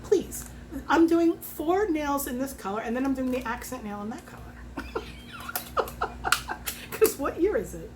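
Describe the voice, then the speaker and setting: A woman in her fifties chatting casually at home as a fragrance consultant, swearing freely and working out prices out loud. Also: sits high, wildly swooping pitch, a little slow, pauses often, heavy background noise. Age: 50s. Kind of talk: casual chat.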